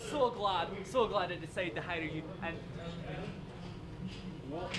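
A man's voice: sits high, slow, very noisy. A man playing a pompous, bossy film director in a comedy sketch, theatrical and demanding.

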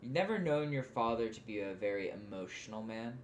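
A man's voice: lowish voice, lively intonation, a little fast, dull audio. Guy running a tabletop game, chill and casual, faint hiss behind. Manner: casual, loose narration with fillers. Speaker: game master.

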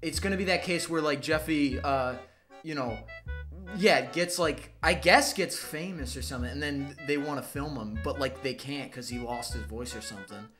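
A man's voice: medium pitch, moderate pace, over music. A young man hosting a reaction video, rambling casually with lots of fillers. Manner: rambling, lots of likes and uhs.

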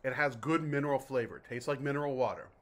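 A man's voice: mid-range voice, fast, fairly bright tone. A man from New Jersey hosting a casual vlog, reviewing mineral water in a chatty, jokey, self-interrupting way. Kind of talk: casual rambling vlog talk.

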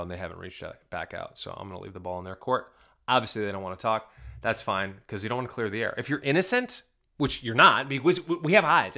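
A man's voice: on the low side, pushed and bright. A male pastor giving video reaction commentary, emphatic and indignant, firing rhetorical questions at his viewers. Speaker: Southern Baptist pastor.

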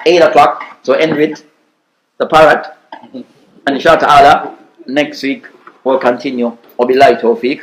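A man's voice: mid-range voice, steady tone, moderate pace, long pauses, slight background noise. A man giving an informal weekly religious lesson, telling a story with phrases and frequent "you understand". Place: mosque hall. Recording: echoey mosque room.

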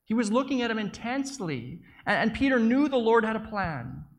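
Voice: mid-range voice, big pitch swings, a little fast, gravelly. A preacher telling a story in the first person as an eyewitness, vivid and dramatic, with small stumbles and repeated words.

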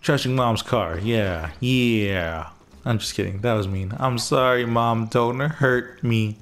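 Slow, laid-back man playing a game. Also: on the low side, a bit bright, soft background music. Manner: laid-back, joking, mumbled asides. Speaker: gaming streamer. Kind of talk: casual let's-play commentary.

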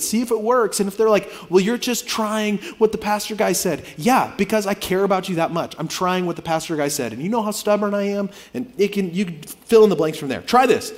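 A male pastor preaching a sermon to his congregation, his voice sitting a bit high for a man. He talks to them conversationally, pushing some lines out loudly and dropping others to near-quiet asides. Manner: conversational preaching, swings between loud emphasis and quiet asides. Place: church auditorium.

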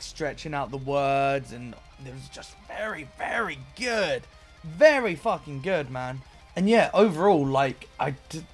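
A man giving an excitable, sweary, rambling casual reaction to music as host. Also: fairly high pitch.

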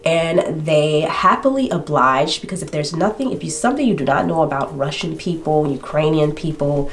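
A woman's voice: low-pitched, animated, normal speed, slight background noise. A young woman casually retelling a true crime story, chatty and digressive, full of asides and talking straight to viewers. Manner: talks straight to viewers, addressing them directly.

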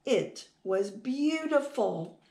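A woman's voice: fairly high pitch, lively intonation, very slow, warm tone, roomy sound. A woman reading a picture book aloud to children, sing-song and asking them questions. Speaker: children's storytime reader.

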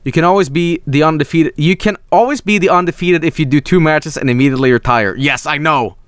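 A man's voice: fairly high pitch, brisk, smooth, no room sound, studio quality. A man streaming casually, reading out fan art and chat, rambling, swearing freely and breaking into silly voices.

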